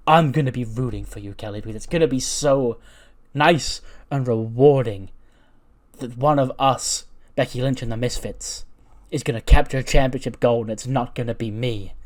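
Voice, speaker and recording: A man's voice: medium pitch, moderate pace, close to an everyday voice. A man voicing a flamboyant, self-absorbed female wrestling star who gushes theatrically. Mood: vain. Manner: theatrical, vain, gushing.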